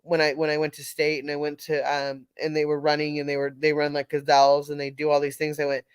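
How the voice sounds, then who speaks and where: A woman's voice: low-pitched, completely flat delivery, quick pace, clean tone, no room sound. A middle-aged woman from California, telling a casual story on a live audio panel, laughing often and restarting her sentences. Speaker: panel speaker.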